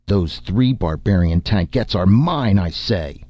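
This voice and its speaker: A man voicing a boastful, quarrelling nobleman who is loud and indignant, in a dull lo-fi recording. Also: sits low, animated, moderate pace, slightly rough, dry recording, pitched above the performer's own voice.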